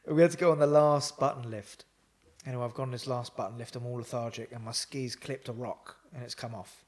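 Animated man telling stories. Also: mid-range voice, quick pace. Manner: animated, swearing, laughing storyteller. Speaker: psychotherapist guest. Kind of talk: casual storytelling interview.

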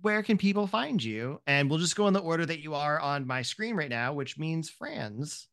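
A man's voice: a little high, animated, moderate pace, a bit bright, smooth. A man hosting and narrating a tabletop game, rambling with many restarts. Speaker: game master and host.

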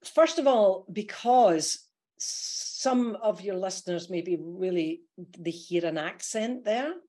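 A woman with a Scottish accent, a coach guesting on a podcast, explaining her ideas in a lively way and laughing often. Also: medium pitch, takes it slowly. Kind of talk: casual podcast interview.

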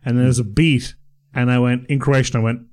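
A man co-hosting a podcast, quick-witted in casual chat, joking and laughing often. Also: mid-range voice, flat delivery, darkish tone. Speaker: podcast co-host.

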